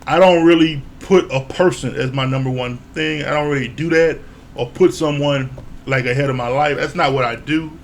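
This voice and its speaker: A man's voice: medium pitch, moderate pace, a little hiss or hum. A man casually recapping and reviewing a reality show episode, telling it loosely with slang, swearing and the odd chuckle.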